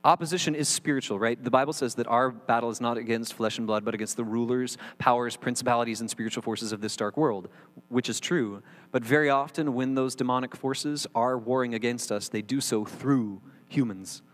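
Middle-aged male pastor, lively and joking sermon delivery, reverberant hall, faint mains hum. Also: mid-range voice, fairly quick. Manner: animated, jokey, mocking asides. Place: church hall.

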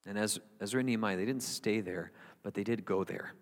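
A man's voice: lowish voice, fairly quick, big-room sound. A man preaching a sermon as the pastor, earnest and conversational, with wry asides to his congregation.

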